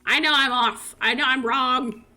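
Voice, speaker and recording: A woman's voice: high-pitched, steady tone, normal speed, bright, forceful tone, soft background music. A young woman streaming a life-sim game, chatting casually and breaking into laughing fits while she reacts to chat. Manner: giggly, laughing fits, reads chat aloud.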